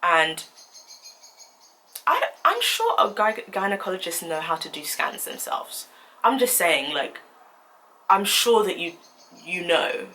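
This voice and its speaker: A young woman telling a story in a vlog, animated and indignant as she recounts it. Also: fairly low pitch, slow pace, long pauses, poor audio. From United Kingdom. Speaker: vlogger.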